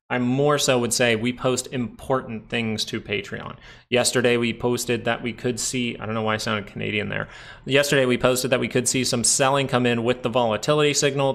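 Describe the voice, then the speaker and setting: Gravelly-voiced man talking through charts. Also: medium pitch, a bit bright. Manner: chatty, explains while reading viewer chat; frequent tag questions like "right?". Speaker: stock market livestream host. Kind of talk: casual live chart analysis.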